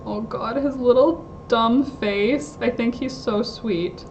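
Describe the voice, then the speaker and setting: A woman's voice: on the high side, takes it slowly, a little mellow, a little hiss or hum. Chatty woman rambling on a livestream. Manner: rambling, chatty, self-interrupting with frequent fillers. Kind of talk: casual live-stream chat.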